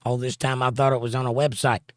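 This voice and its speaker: A man's voice: medium pitch, fast talker, no room sound, studio quality. A man hosting a livestream, casually reading viewer comments aloud and answering them. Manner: reads viewer comments aloud and chats back in a relaxed way. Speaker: livestream host.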